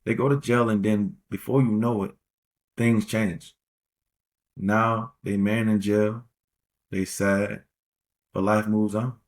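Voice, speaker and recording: Podcast host, male, low voice with gravel, rambling slangy advice, repeats himself. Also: fairly even intonation, takes it slowly, pauses often. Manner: rambling, repeats phrases for emphasis; slangy, street-casual phrasing. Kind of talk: casual relationship-advice monologue.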